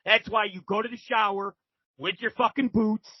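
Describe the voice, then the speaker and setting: A man's voice: sits high, steady tone, moderate pace, slightly rough, dry recording, muffled recording. A man as a podcast guest, telling rambling, profane stories with many restarts. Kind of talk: casual storytelling.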